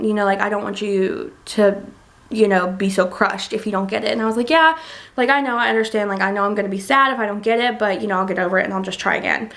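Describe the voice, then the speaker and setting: A woman's voice: mid-range voice, a little fast. A young woman in college telling a personal story in a casual, chatty vlog, full of fillers. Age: young adult. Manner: chatty, lots of likes and ums, gets excited retelling. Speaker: college student vlogger.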